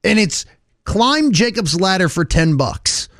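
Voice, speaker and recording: A male radio host telling a long funny story in lively chat, acting out the people he met. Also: sits high, slow, dry recording, clean studio sound.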